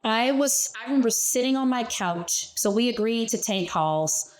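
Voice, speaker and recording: A woman's voice: a little high, moderate pace. Middle-aged woman telling stories in an interview. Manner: lively personal storytelling. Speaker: guest, former startup CEO. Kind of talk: conversational interview.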